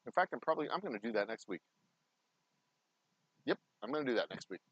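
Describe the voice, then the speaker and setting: A man's voice: mid-range voice, sing-song, quick pace, fairly bright tone, husky, no echo, highs cut off. A man, a distillery owner talking casually in a vlog, swearing heavily as he rants and rambles into stories. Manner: profane, ranting, heated. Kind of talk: casual behind-the-scenes vlog talk.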